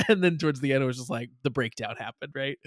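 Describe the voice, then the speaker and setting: A man's voice: mid-range voice, lively intonation, a little fast, fairly bright tone, dry recording, studio quality. A man co-hosting a podcast in casual chat, a supportive listener who chuckles and rambles through his remarks. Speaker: podcast co-host.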